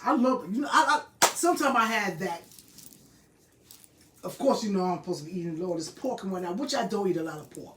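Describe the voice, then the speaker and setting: A woman's voice: medium pitch, expressive, a little fast, fairly bright tone, a little hiss or hum. An older woman hosting a live stream, chatting casually and fondly reminiscing, greeting viewers as she goes. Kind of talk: casual chat. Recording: roomy and distant from the mic.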